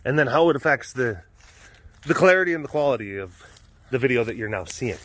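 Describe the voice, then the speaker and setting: Playful male vlog host, bright tone, rambling chatter and baby talk, light outdoor ambience. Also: medium pitch, animated, a little fast, a little hiss or hum. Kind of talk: casual vlog chat. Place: outdoor animal compound.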